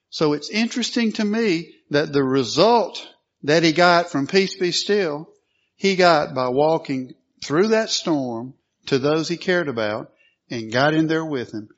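A man preaching a sermon, reading scripture aloud and asking the listeners questions, clearing his throat often. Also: a little high. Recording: dull lo-fi sound.

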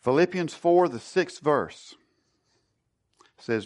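Man, lowish voice, Bible study sermon, earnest, conversational, repeats words. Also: animated, a little slow, gravelly, pauses often, darkish tone. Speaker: Bible teacher.

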